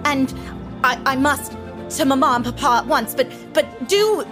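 A woman voicing a flustered, hurried young noblewoman who stammers with Regency politeness. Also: sits high, animated, music in the background. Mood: urgent. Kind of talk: actual-play character voice.

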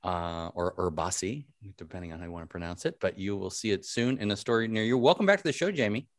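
A man's voice: on the low side, fast talker, dry recording. A man hosting a podcast, upbeat and rambling, with fillers and some mild swearing. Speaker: podcast host. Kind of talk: casual interview chat.

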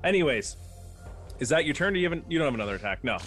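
A man's voice: fairly high pitch, big pitch swings, rapid-fire, fairly bright tone, soft background music. Casual man running a tabletop game. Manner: casual, loose narration full of fillers and restarts, counts dice aloud. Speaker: game master.

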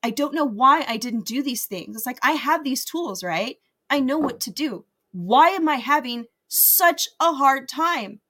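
Woman in her thirties, fairly high voice, bright tone, candid faith vlog, confiding, full of fillers. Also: lively intonation, unhurried. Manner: earnest and confiding, many fillers and restarts. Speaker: faith vlogger. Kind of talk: candid personal storytelling.

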